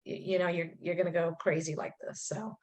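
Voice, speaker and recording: A woman's voice: on the low side, brisk. A middle-aged woman on a video call, chatting emotionally and at length about her coaching journey, often acting out what she and others said. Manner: talkative, animated, quotes herself and others. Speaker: coaching student sharing her story.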